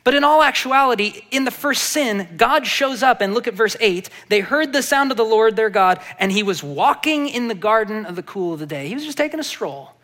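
A male pastor delivering a sermon, moving from quiet reflective passages to animated emphasis and asking the congregation rhetorical questions. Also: sits high, brisk, hardly any pauses.

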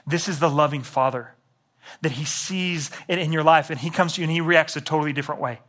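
A young man delivers a sermon in a bright, forceful voice pitched a little high. He swings from emphatic, raised passages to hushed, almost whispered lines. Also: steady tone, quick pace. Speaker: pastor.

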